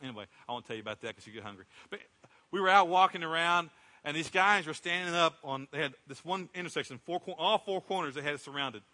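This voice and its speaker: With a quick pace and lively intonation, a middle-aged man preaches as a pastor, his sharp voice leaning high. He tells the sermon conversationally, performing people's lines, inside a church sanctuary whose reverb lingers long.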